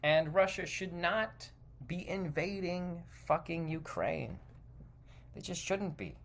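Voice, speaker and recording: A man's voice: fairly high pitch, slow pace, vocal fry, a bit bright. A man hosting a podcast, delivering a heated, profane opinion monologue that rambles and interrupts itself. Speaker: podcast host.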